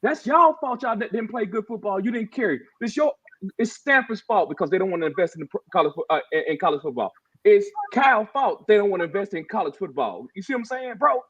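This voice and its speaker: Ranting about sports on a podcast he co-hosts, this man talks fast in a high, expressive, slightly bright and slightly rough voice. He's emphatic and fired up, frequently using "bro" and "y'all" toward the others, over dull lo-fi audio.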